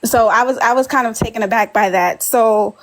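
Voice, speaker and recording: A woman in her twenties calls into a live stream and tells a rambling, confessional personal story, full of fillers and nervous laughs. Her voice is on the high side and fairly quick, and the recording is rough.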